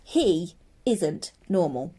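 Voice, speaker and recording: A woman's voice: lowish voice, very animated, drawn-out words, warm tone, slightly rough, full character voice. A woman voicing a stubborn, sceptical young girl who speaks firmly and doubts everything around her. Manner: firm and doubtful.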